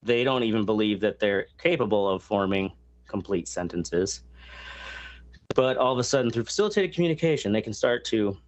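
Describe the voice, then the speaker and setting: Low voiced dude hosting a podcast, rambly explainer, um um um, kinda crude. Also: male voice, expressive, a little fast. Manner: explains at length with many fillers and crude asides. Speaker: podcast host. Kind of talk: casual chat.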